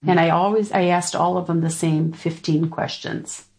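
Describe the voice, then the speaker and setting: A woman's voice: fairly low pitch, steady tone, normal speed, very noisy. A middle-aged woman, telling a personal family story in a reflective, conversational way. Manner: reflective, conversational, quotes others' words. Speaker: interviewee.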